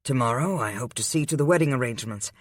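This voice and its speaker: A man reading an audiobook, voicing a calm, domineering wealthy man who speaks in a measured, patient way. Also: medium pitch, no room sound, clean studio sound, lightly acted. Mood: commanding.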